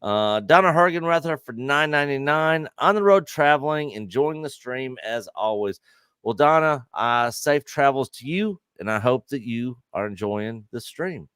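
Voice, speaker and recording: Male stream host, casual and upbeat, reads donations aloud and fills in with quick yeahs. Smooth, dry desk-mic sound. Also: mid-range voice, expressive, a bit bright, dry recording. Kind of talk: casual livestream chat, reading chat messages.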